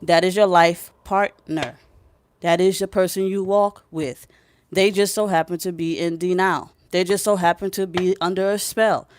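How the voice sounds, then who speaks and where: Smooth-voiced woman giving blunt spiritual advice. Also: fairly low pitch, steady tone, moderate pace, dry recording. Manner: emphatic, preachy, blunt, swears freely; keeps checking in with the listener. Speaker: spiritual reader. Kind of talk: casual spiritual advice vlog.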